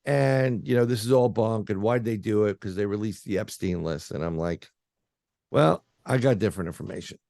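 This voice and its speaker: Male guest, paranormal researcher, low gravelly voice, dry close sound, loose excitable storyteller. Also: moderate pace, hardly any pauses, dry recording. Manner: rambling, filler-heavy, restarts, excitable. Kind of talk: casual storytelling in an interview.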